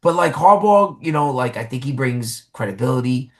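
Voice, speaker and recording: A man's voice: mid-range voice, expressive, normal speed, a bit bright. Podcast host, male, loose rambling delivery, casual chat. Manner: rambling, full of "like" and restarts.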